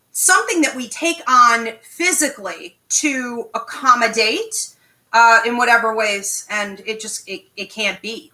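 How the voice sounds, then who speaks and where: A woman with a fairly high, bright, forceful voice leads a live online class. She speaks directly and emphatically and keeps checking in with her listeners. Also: rough recording. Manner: direct, emphatic, frequent "okay?" check-ins. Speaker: psychic medium teaching an online class.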